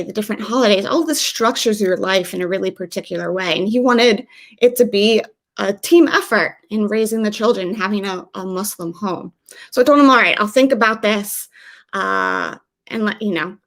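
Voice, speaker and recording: A young woman from the US telling a true first-person story, acting out the quoted lines of the people in it. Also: fairly bright tone. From USA. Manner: conversational, acts out quoted dialogue with shifts in pitch.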